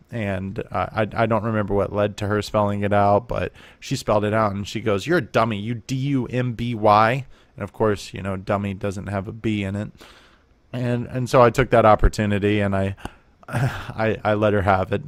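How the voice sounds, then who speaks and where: A man vlogging casually, telling rambling, animated stories about his sister with many fillers. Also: on the low side, no echo. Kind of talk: casual storytelling.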